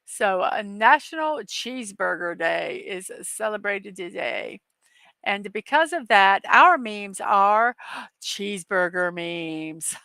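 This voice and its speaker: Bright-voiced chatty woman hosting a morning show. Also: medium pitch, animated, takes it slowly, vocal fry, no echo. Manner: chatty and upbeat, many fillers and asides, reads viewer comments aloud. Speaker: host of a daily morning show. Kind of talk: casual live-stream chat.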